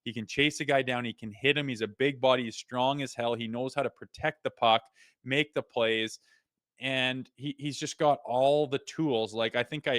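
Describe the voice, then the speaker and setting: A man co-hosting a casual hockey podcast, talking excitedly and rambling with lots of "like" as he breaks down plays. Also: mid-range voice, moderate pace, no echo, studio quality. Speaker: co-host; father. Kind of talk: casual sports podcast chat.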